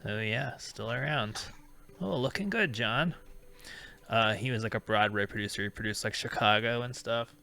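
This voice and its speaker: Bright-voiced man telling rambling stories. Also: on the low side, moderate pace, creaky. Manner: rambling, laughs through anecdotes. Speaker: call-in show host. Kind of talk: casual storytelling chat.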